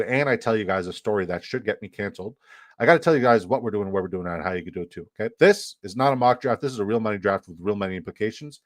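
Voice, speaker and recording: A man's voice: fairly low pitch, dry recording, studio quality. A man hosting a fantasy football livestream, chatting casually, joking around and reading chat messages aloud. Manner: playful, reads chat aloud, jokey hype. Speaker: livestream host.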